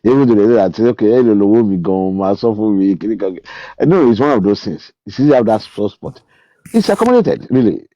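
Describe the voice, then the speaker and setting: An older man with a Nigerian accent calling into a live stream, speaking haltingly and trailing off into restarts. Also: lowish voice, animated, no room sound. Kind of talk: casual live-stream argument. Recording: muffled lo-fi call line.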